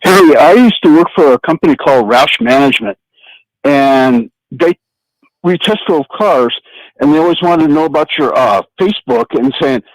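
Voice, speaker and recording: A man calling in to a talk radio show with a slightly high voice. He tells his story in a plain, matter-of-fact way. The sound is dry, with no room echo. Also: lively intonation, moderate pace. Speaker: caller. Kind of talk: call-in talk radio chat.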